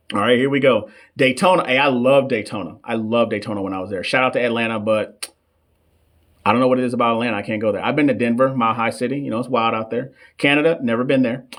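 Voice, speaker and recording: Chatty man coaching nurses live. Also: medium pitch. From United States. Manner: chatty, reads chat shout-outs, stumbles over long terms. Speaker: nurse coach hosting a live question session. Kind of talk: casual live-stream teaching. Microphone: desk microphone.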